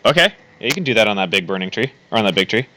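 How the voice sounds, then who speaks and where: A man narrating as game master for a tabletop game with friends, animated and filling pauses with ums and laughter. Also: lowish voice, rough recording.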